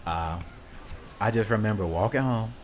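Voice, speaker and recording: A man's voice: fairly low pitch, normal speed, faint music behind. A man telling a loose, profane story in casual rambling style, acting out the quotes with lots of fillers. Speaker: vlogger.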